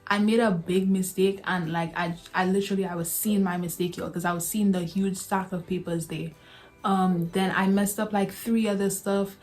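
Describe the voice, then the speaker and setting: A woman's voice: medium pitch, fairly even intonation, normal speed, darkish tone. A young woman vlogger telling a casual storytime to her viewers, chatty and laughing often, calling them y'all.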